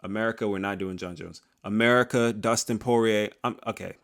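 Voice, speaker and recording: A man's voice: on the low side, steady tone, fairly quick, a bit bright. A man hosting an MMA video, talking in a casual, rambling, slangy way full of jokes. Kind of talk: casual commentary.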